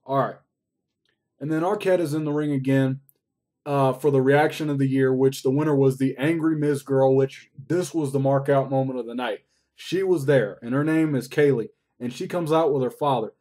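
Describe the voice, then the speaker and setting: A man's voice: medium pitch, normal speed, warm tone. A man recapping a wrestling show in a casual, rambling way, swearing often. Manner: profane, rambling play-by-play.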